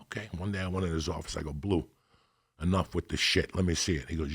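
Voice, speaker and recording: A middle-aged man with a gravelly, husky voice that has a lot of fry. He tells profane stories with animation and acts out the people he quotes. He is from Cuba. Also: low-pitched, fast talker, a bit bright. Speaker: podcast guest. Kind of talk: storytelling in casual chat.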